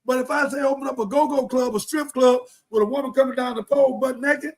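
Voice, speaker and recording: A middle-aged man hosting a live show, delivering a preachy, impassioned monologue full of scripture and rhetorical questions, swinging from loud outbursts to low mutters. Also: steady tone, quick pace, few pauses, low-quality recording. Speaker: host of a live talk show.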